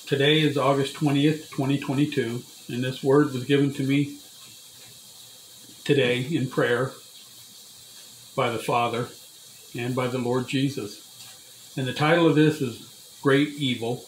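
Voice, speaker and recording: A man hosting his own channel, reading a prophetic message aloud in a slow, measured, solemn way. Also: medium pitch, steady tone, reverberant, a little hiss or hum, poor audio. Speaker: channel host sharing prophecy.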